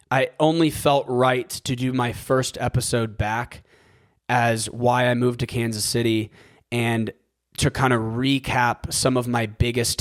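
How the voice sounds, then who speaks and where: A young man with an American accent speaks at a mid-range pitch. He hosts a solo podcast in an unscripted monologue. He rambles, stacks up fillers, and swears casually. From United States. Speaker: podcast host.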